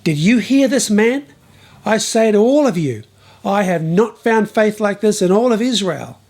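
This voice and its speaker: A man voicing Jesus as a calm, kind teacher who proclaims gently in a spoken bible story. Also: a little high, unhurried, breathy edge, heavily acted. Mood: warm.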